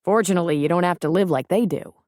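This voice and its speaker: Woman reading a calm plainspoken mountain-town man. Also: fairly low pitch, fast talker, no echo, clean studio sound, natural voice. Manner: steady, reassuring, easygoing.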